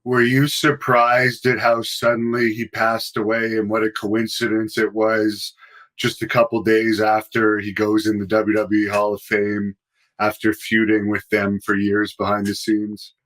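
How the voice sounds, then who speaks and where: A man hosting a podcast, asking his guest measured, plainly phrased questions. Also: fairly low pitch, monotone, fairly bright tone. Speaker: podcast host. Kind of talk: interview questions.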